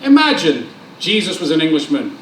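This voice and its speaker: A man preaching a lively sermon in a church hall, joking and acting out conversations in different voices. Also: a little high, normal speed, heavy background noise. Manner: animated, joking, acts out dialogue. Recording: roomy hall sound, mic at a distance.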